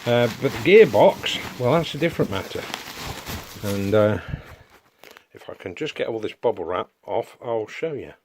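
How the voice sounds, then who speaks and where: A man's voice: lowish voice, expressive, moderate pace, darkish tone, slight background noise. A middle-aged man, chatting casually in a home workshop vlog and going off on homely asides. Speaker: DIY vlogger.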